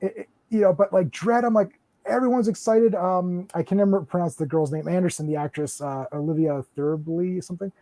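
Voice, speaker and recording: Rambling man in his forties, high and mellow. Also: fairly even intonation, brisk. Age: 40s. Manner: rambling, repeats words while searching for them. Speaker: podcast host. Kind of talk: casual film discussion.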